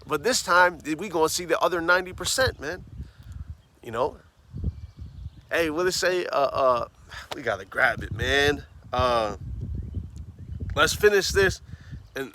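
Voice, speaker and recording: A man preaching on the street, fervent, tagging phrases with "man" and "all right?" and reading scripture slowly and emphatically. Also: medium pitch, animated, pushed and bright, a little hiss or hum. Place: outdoors on a city street.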